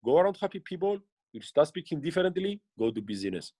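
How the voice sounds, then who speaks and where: A man's voice: on the high side, sing-song, quick pace, dark tone, dry recording. Earnest man giving coaching advice. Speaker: interviewed business leader. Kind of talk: motivational interview answers.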